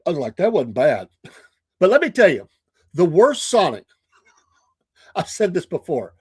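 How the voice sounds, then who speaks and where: A man's voice: on the high side, huge pitch swings, measured pace, a little mellow, slightly rough, dry recording, clean studio sound. An older man with a Southern US accent telling a casual story on his morning show, chatty and laughing often.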